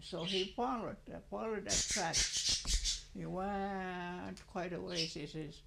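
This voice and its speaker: An elderly grandmother tells a traditional tale in a slow, halting manner. Her voice is gravelly and unhurried. A steady hiss runs under this old field recording. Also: fairly low pitch. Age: older. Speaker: storyteller. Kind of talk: traditional storytelling and chanted song.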